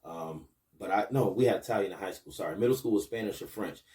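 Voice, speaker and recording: A man in his thirties from Buffalo, New York, hosts a casual podcast. His voice sits low and mellow, picked up a little way off from the mic. He talks to his viewers and gets more energetic when he pushes them to share the show. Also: fast, recorded from a distance. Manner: hypes up viewers, rising excitement with promos. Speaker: podcast host and basketball coach.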